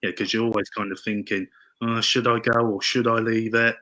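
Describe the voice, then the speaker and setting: A man telling stories as a podcast guest, excitable and tripping over his words. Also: fairly low pitch, brisk, rough recording. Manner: excitable, tumbling restarts. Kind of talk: casual storytelling interview.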